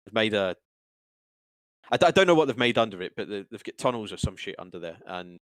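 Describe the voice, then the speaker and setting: A man narrating a tabletop game as game master, halting and swearing freely. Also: lowish voice, very animated, fairly bright tone, no echo, rough recording.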